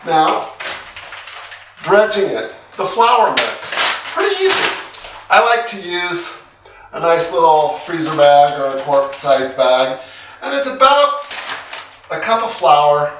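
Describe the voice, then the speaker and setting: A man co-hosting a cooking show, walking through a recipe in a relaxed, chatty way with folksy asides. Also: fairly high pitch, takes it slowly, long pauses, slight background noise. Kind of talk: casual cooking demonstration. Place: home kitchen. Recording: echoey kitchen, mic at a distance. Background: clattering dishes and cutlery.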